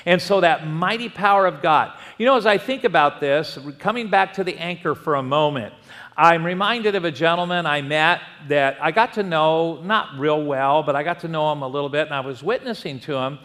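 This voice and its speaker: A man's voice: fairly high pitch, normal speed, a bit bright, big-room sound. A man preaching a sermon as pastor, conversational and telling personal stories.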